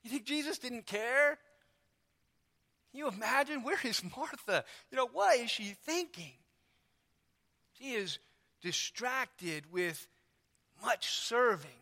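Chatty male preacher, high and bright. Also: lively intonation, takes it slowly, long pauses. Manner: conversational, storytelling, lots of asides. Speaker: pastor. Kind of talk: sermon. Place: church.

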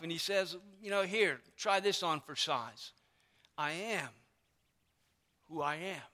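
A man preaching a sermon as pastor, explaining a passage with animated emphasis. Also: high-pitched. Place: church sanctuary. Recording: long hall reverb.

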